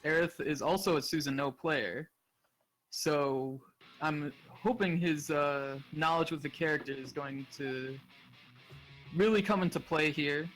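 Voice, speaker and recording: A man commentating a fighting-game tournament live, relaxed play-by-play with short excited calls. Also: fairly high pitch, unhurried, poor audio. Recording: commentary over game music.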